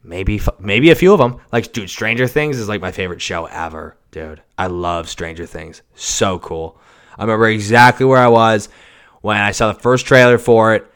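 A low-voiced man hosting a solo podcast from a home setup. He rambles and swears, dropping to mumbles and then jumping up to shouts. The sound comes from a cheap mic without a pop filter. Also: normal speed, clear, resonant tone. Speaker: podcast host. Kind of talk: solo casual podcast rant.

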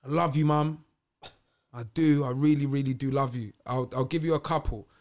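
A man's voice: mid-range voice, steady tone, moderate pace, a little mellow. A young man with a London accent telling a frank story in a casual podcast chat, often checking that his listeners follow. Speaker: podcast guest.

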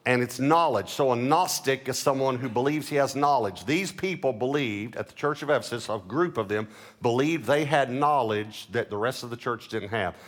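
A man preaches a sermon in an even, mid-pitched voice. He reads scripture aloud and then explains it. He drags out the words he wants to stress and lifts his voice on them. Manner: emphatic preaching, slowing and rising on key words. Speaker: pastor.

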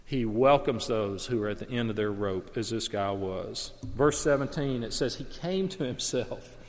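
A man's voice: on the low side, moderate pace. Earnest preacher man in a reverberant hall. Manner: earnest, emphatic, rises to stress key points. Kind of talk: sermon. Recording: long reverb of a large hall.

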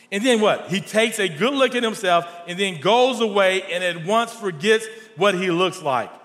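A man preaching a sermon to a congregation, animated and storytelling, his voice sometimes rising to near shouts. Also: high voice. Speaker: pastor. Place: large church hall. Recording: long hall reverb.

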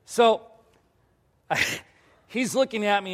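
A man, a youth pastor, giving a testimony sermon to his congregation, animated, jumping between loud bursts and hushed asides. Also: sits high, slow pace, pauses often. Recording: long hall reverb.

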